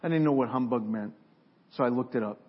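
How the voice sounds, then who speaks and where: Husky-voiced preacher with dramatic pauses. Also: male voice, mid-range voice. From Mexico. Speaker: pastor. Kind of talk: sermon. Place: church sanctuary. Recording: dull lo-fi sermon recording.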